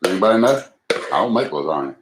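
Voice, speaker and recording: Folksy deep-voiced man. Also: sing-song, fast talker. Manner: folksy, self-deprecating, talks to viewers as he cooks. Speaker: cooking livestream host. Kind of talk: casual live cooking chat. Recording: noisy home recording.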